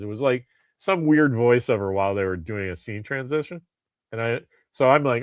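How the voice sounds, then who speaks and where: This co-host has a mid-range voice and a moderate pace, captured in a dry, studio-quality recording. He chats casually on the podcast, wandering off track, restarting sentences and cursing.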